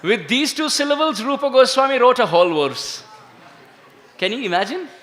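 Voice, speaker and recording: A man giving an animated devotional talk, drawing the audience into call and response. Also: very high-pitched, moderate pace. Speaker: devotional speaker. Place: temple hall. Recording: echoey hall.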